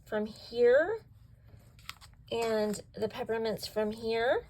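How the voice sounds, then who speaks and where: A woman with a slightly high, expressive voice speaks extremely slowly over background noise as she hosts a craft channel video. She shows off her projects step by step, gushing over each one and repeatedly asking if it's cute.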